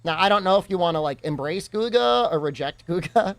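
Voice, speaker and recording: A man's voice: sits high, expressive, brisk, dry recording. A young American man streaming and chatting casually, joking and reacting to questions from his chat.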